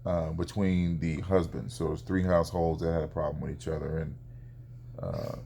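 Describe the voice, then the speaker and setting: A man, a father, telling a neighbor story in a casual vlog, animated and acting out the quoted exchanges. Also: a bass voice, moderate pace, vocal fry, a crowd in the background.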